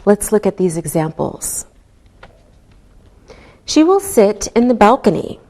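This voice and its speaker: Female English teacher, slow and deliberate, lively sing-song pitch, mellow timbre. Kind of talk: scripted grammar lesson.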